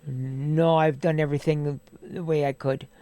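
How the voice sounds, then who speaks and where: A man's voice: fairly high pitch, level tone, normal speed, mellow, no room sound. A man talking casually and bluntly as a podcast guest, swearing a lot and filling his talk with "right?". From Canada. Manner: blunt, heavy swearing, many fillers. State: undergoing chemotherapy. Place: podcast studio.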